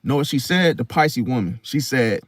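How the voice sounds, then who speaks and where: A man's voice: medium pitch, moderate pace, dry recording, studio quality. A man telling a story to his viewers in a casual vlog, slangy and profane, talking straight to them. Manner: animated, slangy and profane, addresses viewers directly. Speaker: astrology vlogger.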